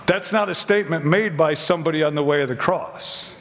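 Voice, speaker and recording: Guy preaching, chatty sermon, kinda high voice, echoey hall. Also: a little fast, fairly bright tone, slight background noise. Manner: conversational, acts out quoted voices, asks questions.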